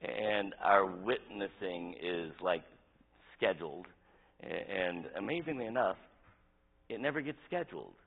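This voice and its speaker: In a tinny, phone-like recording, a pastor with a low voice delivers an interactive sermon, speaking conversationally and putting questions to the congregation. His intonation is lively and his pace measured.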